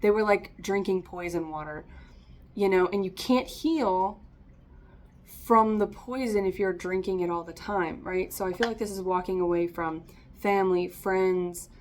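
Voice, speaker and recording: A woman reads tarot cards aloud in a loose, conversational way. She is encouraging and chatty, with frequent laughter. Her voice sits at an ordinary middle pitch for a woman. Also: unhurried, slight background noise. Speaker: tarot reader. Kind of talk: casual tarot reading to camera.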